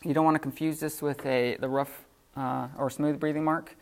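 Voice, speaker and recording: Gravelly-voiced man teaching a class. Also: fairly high pitch, fairly even intonation, normal speed. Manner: casual, filler-heavy explaining with frequent restarts. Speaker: Greek teacher. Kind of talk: unscripted classroom lecture.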